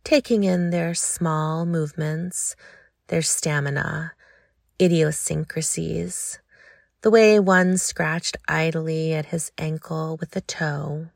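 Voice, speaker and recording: A woman reading an intimate story aloud in a slow, hushed, lingering way. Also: low-pitched, vocal fry, no room sound, studio quality. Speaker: narrator.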